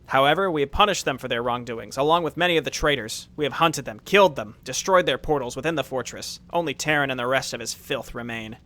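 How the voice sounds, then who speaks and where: A man's voice: mid-range voice, fast talker, few pauses, bright, forceful tone, lightly acted. A man voicing a summoned fire spirit, once a man, reading the game text in a plain, earnest way.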